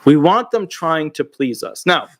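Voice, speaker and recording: A man's voice: on the high side, sing-song, a little slow, no echo. A middle-aged man, a disability attorney, giving chatty, opinionated commentary in a casual video. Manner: chatty and opinionated, talks to his dog mid-video.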